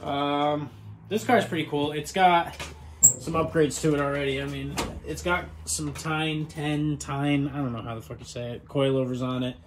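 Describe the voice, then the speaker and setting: A man's voice: fairly high pitch, fairly even intonation, moderate pace. Casual swearing man in a noisy garage. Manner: casual, swears, rambling with fillers. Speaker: garage vlogger. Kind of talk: casual walkaround chat. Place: small home garage.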